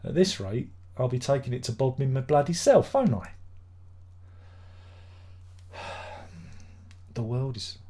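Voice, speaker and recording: A man's voice: medium pitch, lively intonation, takes it slowly, long pauses, warm tone. A middle-aged man hosting a casual live stream, grumbling, swearing and rambling in exasperation.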